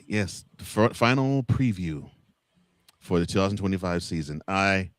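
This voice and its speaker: A man co-hosting a casual college football chat, teasing his partner and laughing loudly. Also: deep voice, animated, normal speed, no room sound, studio quality. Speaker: co-host.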